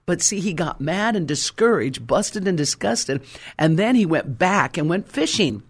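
A man's voice: a little high, animated, a little slow, breathy edge. A male preacher delivering a fervent, story-driven sermon with rhyming emphasis.

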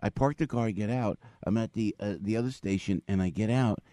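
A man's voice: lowish voice, brisk, dark tone, no room sound, studio quality. A middle-aged man hosting a morning radio show, telling stories in a chatty way and laughing often. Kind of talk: casual morning radio chat.

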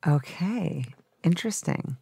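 Woman interviewer, low pitch, dry sound, brief encouraging reactions. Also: lively intonation, unhurried, vocal fry, warm tone, husky, dry recording. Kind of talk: casual interview.

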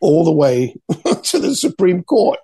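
A man, an artist and author, telling his story as an interview guest, excitedly repeating words and acting out quotes. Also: high-pitched, takes it slowly, vocal fry, slightly rough, dry recording.

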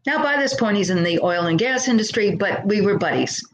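A woman's voice: medium pitch, expressive, brisk, slight background noise, poor audio. A middle-aged woman, a podcast guest, tells her life story earnestly and thoughtfully, sometimes acting out the voices of people she quotes. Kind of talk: conversational storytelling.

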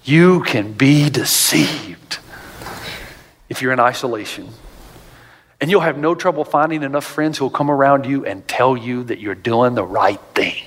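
A male pastor preaching a sermon, animated and storytelling, often jumping up in pitch to act out other people's voices, in a large church auditorium. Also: unhurried. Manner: animated storytelling, jumps high for quoted voices. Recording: long reverb of a large hall.

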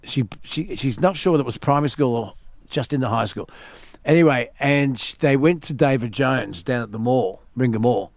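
Rambling Australian radio host, dry mic. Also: male voice, mid-range voice, moderate pace, no room sound. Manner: rambling storyteller, many restarts and fillers. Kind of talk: casual late-night radio banter.

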